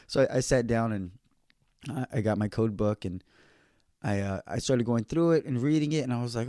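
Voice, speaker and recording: A man who works as an electrician, giving casual, earnest advice on passing an exam, slowing down to repeat key points. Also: medium pitch, warm tone, no room sound, clean studio sound. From California.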